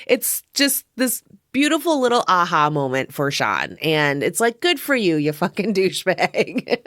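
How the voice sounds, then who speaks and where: A woman's voice: on the low side, a bit bright, dry recording, studio quality. A woman hosting a casual film review podcast, chatty and profane, laughing often as she talks. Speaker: podcast host.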